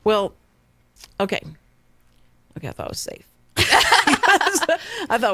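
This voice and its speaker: Animated chatty Texan woman radio host. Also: mid-range voice, slow pace, pauses often. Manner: chatty, animated storytelling with laughs. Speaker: radio talk show host. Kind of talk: casual radio chat. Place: radio studio. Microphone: studio microphone.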